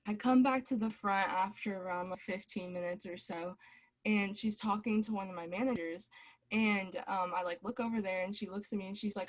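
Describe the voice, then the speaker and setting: A woman's voice: mid-range voice, fairly even intonation, moderate pace. A young woman student chatting on a video call, telling a story and acting out the quoted lines. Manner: chatty, acts out quoted dialogue.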